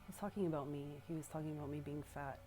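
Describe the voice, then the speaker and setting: A young woman telling a personal story in a casual, rambling way, often pausing, restarting and swearing. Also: deep voice, steady tone, over music. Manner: rambling, halting, with frequent swearing.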